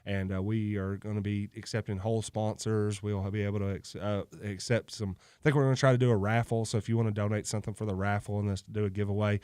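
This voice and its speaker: A man's voice: fairly low pitch, little pitch movement, fast talker, hardly any pauses, darkish tone, clean tone, no room sound. A man hosting a local radio show from the studio. He talks in a loose, joking way and laughs easily between sponsor reads. His voice is close and dry on the studio microphone. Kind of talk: casual on-air chat with sponsor reads.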